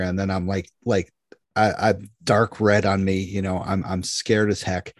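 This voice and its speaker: Man, low-pitched voice, casual storytelling, animated, dry close sound. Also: unhurried, dry recording. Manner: animated, acts out dialogue in anecdotes.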